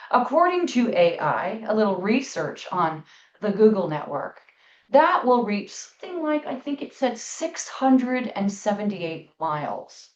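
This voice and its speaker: A middle-aged woman talks casually about spiritual things, hitting her points hard and drawing key words out slowly. She sits back from the mic in a reverberant room, and the sound is a little muffled. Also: on the high side, recorded from a distance. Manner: storytelling, emphatic, with slow drawn-out stresses. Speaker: spiritual podcast host.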